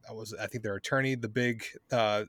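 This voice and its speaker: A man co-hosting a podcast, summing up an episode in casual chat, halting with many uhs and ums. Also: fairly low pitch, fairly even intonation, fairly bright tone, dry recording, clean studio sound. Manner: halting, full of uh and um. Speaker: podcast co-host.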